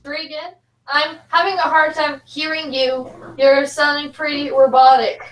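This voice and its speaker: A woman with a fairly high voice chiming in briefly during an online chat. She sits well back from her mic, and the sound is roomy and echoey. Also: little pitch movement, measured pace, far from the mic. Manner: brief, short replies. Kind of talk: casual podcast chat.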